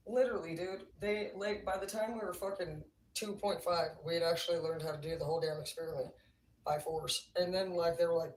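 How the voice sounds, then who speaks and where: A woman's voice: lowish voice, steady tone, a little fast, a little hiss or hum. A woman livestreaming, telling rambling stories in a casual, profane, laughing way. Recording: roomy, distant mic, faint ambience.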